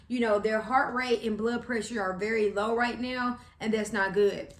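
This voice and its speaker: A young woman, telling a story to camera in a chatty, animated way, with slang and acted-out quotes. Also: fairly high pitch, brisk, hardly any pauses, reverberant. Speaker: vlogger.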